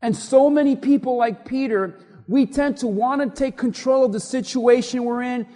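High-voiced preacher man in a reverberant hall. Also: moderate pace, dark tone. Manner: emphatic preaching, repeats lines for the congregation to say along. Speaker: pastor. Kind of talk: sermon. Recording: long reverb of a large hall.

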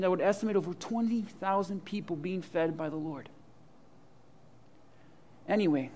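A male pastor with a high voice delivers a sermon. He tells the story with animated energy, acting out the scenes and dropping from loud, excited passages to quiet, intense ones.

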